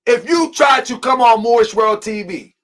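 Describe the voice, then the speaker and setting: A male host from Baltimore, US, delivers a heated commentary, hammering his points home with emphatic, confrontational repetition. His voice is very high-pitched and fairly bright, and he speaks at a normal speed.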